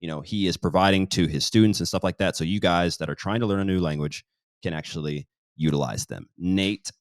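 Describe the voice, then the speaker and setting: Deep-voiced male host. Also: no echo, studio quality. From United States. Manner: easygoing, deliberate host with fillers. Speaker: channel host, interviewer. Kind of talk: casual interview chat.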